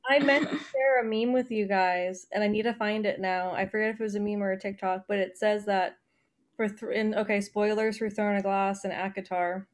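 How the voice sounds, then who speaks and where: A young woman co-hosting a casual podcast chat, her voice sitting in an ordinary middle range. She rambles excitedly, tumbling from one thought into the next with quick asides. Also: medium pitch. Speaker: podcast co-host.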